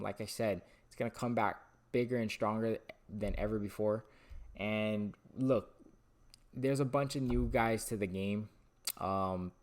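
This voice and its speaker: A young man talking excitedly to camera about sports card investing, rambling and losing his train of thought. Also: on the low side. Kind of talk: casual talking-head monologue.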